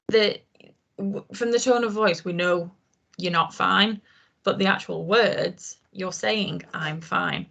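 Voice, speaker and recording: A woman's voice: mid-range voice, fairly even intonation, a little slow, creaky, a bit bright. A woman trainer giving an informal online lesson on communication, explaining with frequent ums and restarts.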